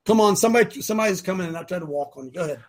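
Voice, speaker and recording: A man's voice: sits high, animated, rapid-fire. An older man hosting an opinionated talk show, emphatic and firing rhetorical questions at his listeners.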